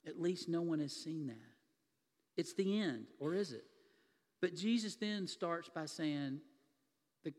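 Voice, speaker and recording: High-voiced preacher in a reverberant hall. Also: male voice, fairly bright tone. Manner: vivid storytelling, retelling a scripture scene. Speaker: pastor. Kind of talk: sermon.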